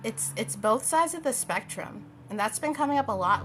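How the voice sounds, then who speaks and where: A woman's voice: a little high, animated, normal speed, a bit bright, slight background noise. A young woman giving a casual tarot reading to her viewers, chatty and rambling, often losing her thread and laughing. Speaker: tarot reader.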